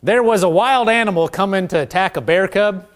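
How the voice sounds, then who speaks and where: Preaching a spirited sermon, a pastor gets the congregation to echo his words back to him. His voice sits high, his pace is fairly quick, and his tone is conversational, laced with asides.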